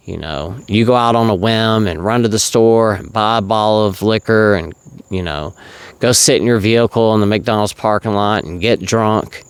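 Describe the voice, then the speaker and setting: Male, 30s, deep resonant voice, close and dry; casual vlogger who rambles earnestly and speaks frankly about recovery. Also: clear, resonant tone, dry recording. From South Carolina. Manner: rambling, earnest, filler-heavy. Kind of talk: casual monologue to camera.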